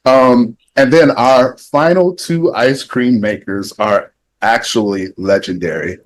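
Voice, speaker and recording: A man's voice: medium pitch, a little mellow, poor audio. A man hosting a live online event over a video call, effusive and upbeat, laughing often as he introduces guests. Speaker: event host.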